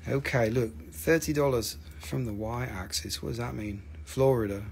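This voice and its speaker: A man's voice: mid-range voice, normal speed, gravelly, hardly any pauses, a little mellow, a little hiss or hum. A man selling rocks on a live stream, teasing viewers by name, swearing casually and joking between prices. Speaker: live-stream crystal seller.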